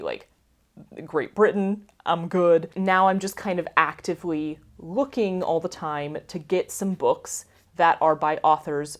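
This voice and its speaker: Young woman, casual book vlogger, rambling and chatty. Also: deep voice. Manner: chatty, rambling, asks viewers for opinions. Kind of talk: casual chat to camera.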